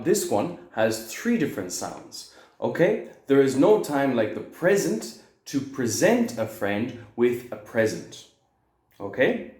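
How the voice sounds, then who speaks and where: Young male English teacher, mid-pitched voice, patient and clear, room echo on the recording. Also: darkish tone. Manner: explains slowly, stressing words, checks with "okay?". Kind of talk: video lesson. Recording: echoey room.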